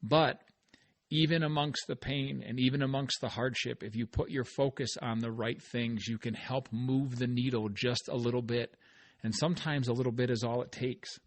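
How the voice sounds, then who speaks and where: An earnest middle-aged man hosting a solo podcast, speaking in an encouraging, heartfelt way in a medium-pitched voice. He repeats short phrases for emphasis. The sound is close and dry, with no room echo. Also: steady tone, moderate pace. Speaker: podcast host. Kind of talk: solo motivational podcast talk.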